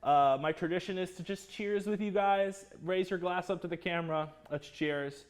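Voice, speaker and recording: Excitable man hosting a cooking class. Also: high-pitched, moderate pace, clear, resonant tone. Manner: chatty, excitable, greets viewers by name. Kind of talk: live-streamed cooking class.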